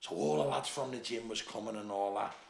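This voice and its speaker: A middle-aged man with a broad Scouse accent rattles through his stories, swearing freely and laughing as he goes. His voice has a gravelly edge to it. The sound carries the echo of a roomy space. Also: fairly low pitch, brisk. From Liverpool, England. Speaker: bodybuilder and gym owner, guest. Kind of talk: casual storytelling chat.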